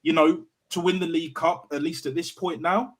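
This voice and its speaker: A man's voice: fairly high pitch, steady tone. A man on a call-in panel, talking casually with many fillers. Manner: casual, fast, hedging with fillers.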